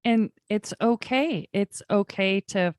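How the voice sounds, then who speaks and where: A woman's voice: mid-range voice, takes it slowly, no room sound, clean studio sound. A young adult woman, a podcast guest, talking candidly and chattily about her life, with many fillers. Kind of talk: conversational interview.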